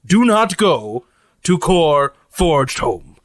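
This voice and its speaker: A man's voice: on the high side, big pitch swings, drawn-out words, dry recording, heavily acted. A man voicing a proud, formal robot chef who is fiercely devoted to honor and easily offended. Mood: indignant. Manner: formal, dramatic, easily wounded.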